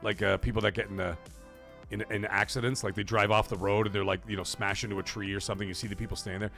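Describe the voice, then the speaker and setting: A man's voice: on the low side, little pitch movement, fast talker, creaky, a bit bright, soft background music. A man hosting a livestream in casual chat, swearing freely and laughing as he reads chat messages aloud. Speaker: livestream host.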